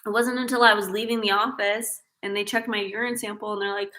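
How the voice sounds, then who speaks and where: A woman's voice: medium pitch, flat delivery, fast, pushed and bright. A pregnant woman hosting a casual livestream Q&A, chatty and giggly as she reads viewer questions aloud. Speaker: host.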